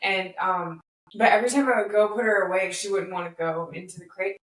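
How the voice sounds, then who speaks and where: A woman's voice: medium pitch, brisk. Chatty woman, roomy distant mic. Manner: chatty, animated storyteller with frequent laughs. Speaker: podcast co-host. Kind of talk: casual chat.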